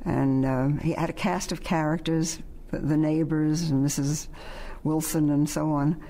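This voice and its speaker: A man's voice: on the high side, little pitch movement, a little slow, warm tone. A man in a documentary interview, explaining in a reflective way why comics matter to readers.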